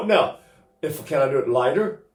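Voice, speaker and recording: A man's voice: a little high, a little mellow. Chatty man in his eighties, roomy echo. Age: 80s. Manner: chatty, anecdotal, joking asides. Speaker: voice teacher. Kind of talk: informal singing lesson.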